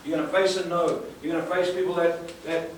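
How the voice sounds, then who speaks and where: A sales trainer speaking emphatically to a live audience, asking rhetorical questions and repeating words for effect. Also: male voice, a little high, level tone, brisk. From South Africa. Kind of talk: live seminar talk. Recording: echoey room, far from the mic, faint hiss.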